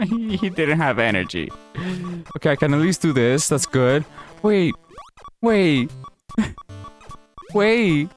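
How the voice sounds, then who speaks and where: A man's voice: on the high side, sing-song, takes it slowly, long pauses, soft background music. A man commentating his own gameplay, often frustrated, swearing and laughing at himself, sometimes pleading with the game. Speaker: gaming channel host. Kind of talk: live let's play commentary.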